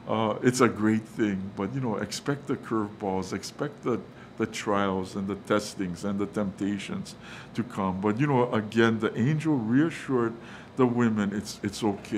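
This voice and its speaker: A man's voice: fairly low pitch, measured pace, slight background noise. A male pastor preaching a sermon, hesitant, with many fillers and restarts, calling his listeners guys. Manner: quotes the angel in a hushed, reassuring voice.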